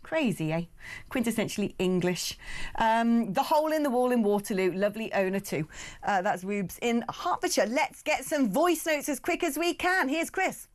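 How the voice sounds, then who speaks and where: A woman hosting a radio phone-in, briskly reading out listener messages and answering callers. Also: fairly high pitch, expressive.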